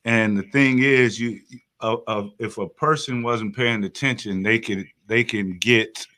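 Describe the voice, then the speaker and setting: A man's voice: fairly low pitch, fairly even intonation, a little slow, pushed and bright. A man speaking as a guest in a studio discussion, hesitant and searching for words.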